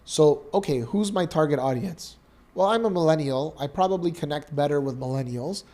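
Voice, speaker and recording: A Canadian podcast co-host in his thirties shares a personal story full of feeling, sounding earnest and animated. His voice sits a little high, and he moves along fairly quickly.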